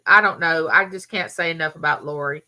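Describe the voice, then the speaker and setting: A woman's voice: low-pitched, brisk, sharp tone. A woman with a Southern US accent, from Mississippi, hosting a casual live chat and chattily greeting viewers by name. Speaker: livestream host.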